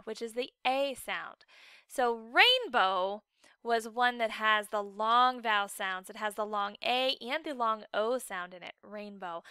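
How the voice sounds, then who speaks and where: A woman's voice: on the high side, pushed and bright, clean tone, no echo, clean studio sound. A woman teacher giving a recorded phonics lesson for children, patient and encouraging, drawing out each word with exaggerated care. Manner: slow, exaggerated enunciation of words.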